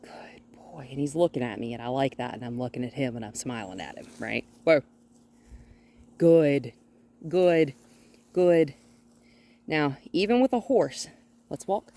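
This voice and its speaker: Calm woman dog trainer explaining. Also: very deep voice, measured pace, pauses often. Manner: calm and explanatory, with frequent cheerful praise for the dog. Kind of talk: hands-on training demonstration. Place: outdoors near a gate with a noisy HVAC unit.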